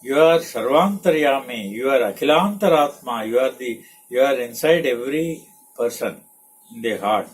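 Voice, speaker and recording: A man's voice: mid-range voice, lively intonation, moderate pace, rough recording. An older man with an Indian accent giving a spiritual discourse, chanting Sanskrit verses and explaining them word by word. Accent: Indian English. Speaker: spiritual teacher. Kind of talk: slow discourse on scripture.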